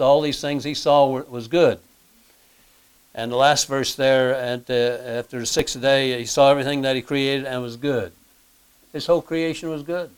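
A man preaching a sermon in a plain conversational way, often clearing his throat and putting questions to his listeners. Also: medium pitch. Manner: asks the listeners rhetorical questions. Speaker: pastor.

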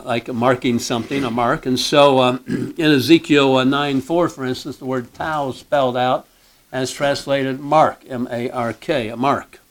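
Male Bible teacher, halting delivery, frequent throat clearing, emphatic scripture reading. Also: mid-range voice, poor audio. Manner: reads scripture aloud with emphasis.

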